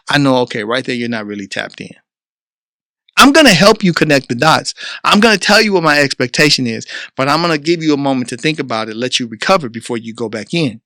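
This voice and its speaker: An emphatic man with delivers a preachy, coach-style motivational monologue for his podcast. His voice sits high and sounds bright and sharp. The recording is dry and close, with no room sound. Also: animated, quick pace, no echo. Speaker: podcast host.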